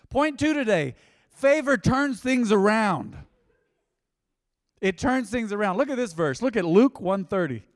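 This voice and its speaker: In a large hall, a high-pitched male pastor preaches a sermon, telling stories and swinging lively between loud and soft delivery.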